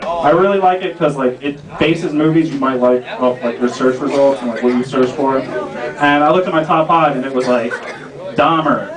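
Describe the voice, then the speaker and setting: A young man doing a stand-up set in a lounge, rambling loosely toward deadpan punchlines. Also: medium pitch, moderate pace, far from the mic. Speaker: stand-up comic. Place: small restaurant lounge stage. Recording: roomy club sound, from off-mic, loud crowd. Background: audience laughter.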